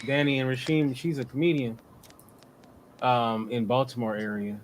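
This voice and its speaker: A man's voice: mid-range voice, steady tone, normal speed, crowd noise. A man chatting casually on a group video call, easygoing and hesitant, with many uhs and restarts.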